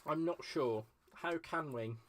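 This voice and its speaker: Chatty man, slightly high voice. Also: slow pace, a bit bright, a little hiss or hum. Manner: chatty, gushing, answers viewer comments aloud. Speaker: crafting livestream host. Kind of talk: casual live-stream chat while crafting. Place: home craft space.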